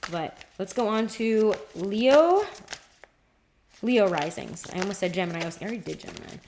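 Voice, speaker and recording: A woman's voice: medium pitch, lively intonation, moderate pace, darkish tone, a little hiss or hum. A woman giving a casual livestream tarot reading, chatty and rambling, with casual swearing.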